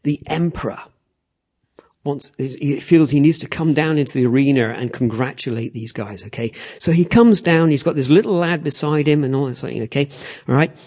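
Husky man preaching with many checks. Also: on the high side, brisk. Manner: animated, repeats "okay? all right?" to the audience. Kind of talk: sermon.

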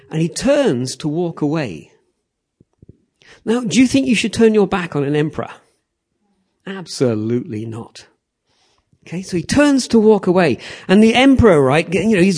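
Husky man preaching with many checks. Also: high-pitched, normal speed, long pauses. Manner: animated, repeats "okay? all right?" to the audience. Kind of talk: sermon.

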